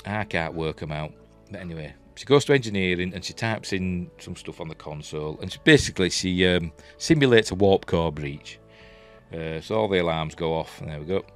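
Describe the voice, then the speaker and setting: A man's voice: low-pitched, a little fast, a bit bright, soft background music. A man with a Yorkshire accent reviewing a TV episode in a casual, rambling way, full of fillers and restarts. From Yorkshire, England.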